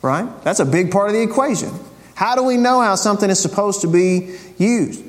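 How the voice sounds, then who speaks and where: A man's voice: sits high, expressive, a little fast, in a large hall. A man preaching a conversational sermon, repeating phrases and asking rhetorical questions of the congregation. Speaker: pastor.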